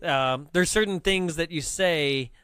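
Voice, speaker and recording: On a movie podcast, a male co-host chats casually about the film, laughing often and quoting its lines in a put-on accent. His fairly high voice is a little slow, a bit bright and smooth, captured in clean studio sound with no echo.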